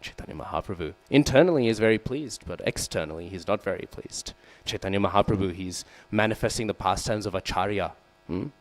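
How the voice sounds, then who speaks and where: Male class speaker, deep-pitched, preaching in a temple hall with light electrical hum behind. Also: a little fast, few pauses. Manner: frequent "hmm?" and "right?" checks with listeners; acts out quoted lines with raised voice. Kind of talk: scripture class sermon. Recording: low mains hum behind.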